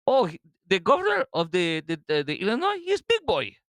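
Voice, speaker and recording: A man putting on a high, strained mock Russian accent, voicing a pompous male announcer as a joke. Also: wildly swooping pitch, fairly quick, fairly bright tone, dry recording, exaggerated voice. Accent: put-on Russian.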